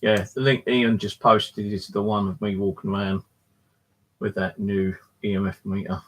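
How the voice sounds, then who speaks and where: A man hosting a live stream from his flat, chatting casually in a rambling, jokey way and swearing freely. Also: on the low side, moderate pace. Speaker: live streamer and paranormal channel host.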